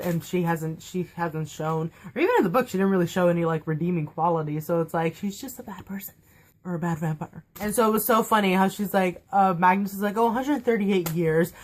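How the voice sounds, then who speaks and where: A young woman chatting through a casual fan review of a TV episode, gushing and filling her talk with "like". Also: fairly low pitch. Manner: gushing, chatty, heavy use of "like" fillers. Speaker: TV show reviewer.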